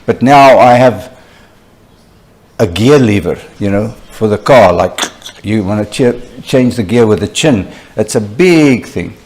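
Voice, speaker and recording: Older man giving an animated lecture. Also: fairly low pitch, measured pace. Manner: conversational, animated storyteller with frequent "you know" asides. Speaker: surgeon lecturing at a conference. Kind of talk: conference lecture with anecdotes.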